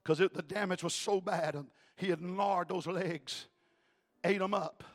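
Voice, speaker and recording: A male evangelist preaching in a church, telling a story emphatically and rising to shouts. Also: high voice, steady tone, unhurried. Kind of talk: storytelling sermon.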